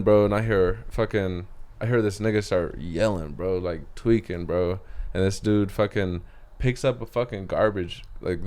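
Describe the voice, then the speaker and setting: A man's voice: fairly low pitch, darkish tone. A man on a podcast, telling a work story in a rambling, slangy way. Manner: rambling, slangy, with lots of filler words. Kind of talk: casual storytelling chat.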